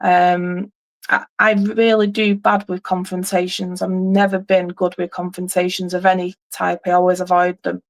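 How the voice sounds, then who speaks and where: A woman's voice: on the low side, little pitch movement, moderate pace. A middle-aged woman, host of a livestream, chatting casually and telling a rambling story with many restarts.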